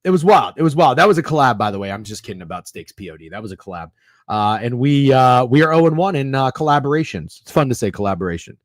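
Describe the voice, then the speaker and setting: A man's voice: mid-range voice, expressive, fast, dry recording, clean studio sound. Rambling, profane male podcast host. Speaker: sports betting podcast host. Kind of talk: casual chat reading live comments.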